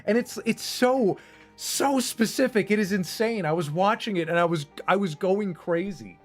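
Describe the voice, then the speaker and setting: A man's voice: high-pitched, moderate pace, faint music behind. A man streaming and going off on a casual, profane, emphatic rant. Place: home streaming setup.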